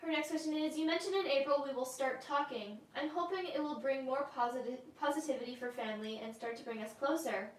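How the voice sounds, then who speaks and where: A woman co-hosting a live session, briskly reading viewers' questions aloud. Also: sits high, roomy sound, distant mic. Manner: brisk, reads questions quickly.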